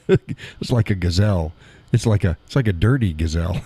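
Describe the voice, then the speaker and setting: A man's voice: low voice, lively intonation, normal speed, mellow, slightly rough, no room sound. A man hosting a live show who chats casually and reads out audience comments, rambling and chuckling often. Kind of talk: casual chat reading audience chat.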